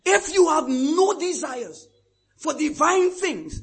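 A fervent older man preaches, his voice sitting unusually high for a man. He drops into quiet, confiding asides, then rises to ringing shouts to drive a point home. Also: expressive, slow. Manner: fervent, swinging from hushed asides to shouted declarations. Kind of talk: sermon.

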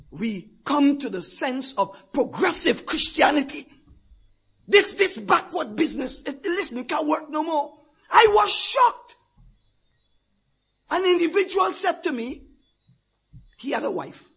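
A fervent older man preaches, his voice sitting unusually high for a man. He drops into quiet, confiding asides, then rises to ringing shouts to drive a point home. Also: creaky. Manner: fervent, swinging from hushed asides to shouted declarations. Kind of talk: sermon.

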